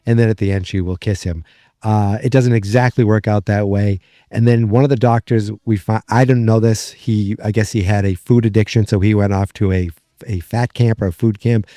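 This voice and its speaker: A lower-pitched man with a New England accent chats through a sitcom plot for his podcast, darting between thoughts and restarting sentences. His voice is mellow and relaxed, recorded dry and close with almost no room sound. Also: moderate pace, no echo. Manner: rambling, excitable, lots of fillers and restarts. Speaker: podcast host. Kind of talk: casual episode recap.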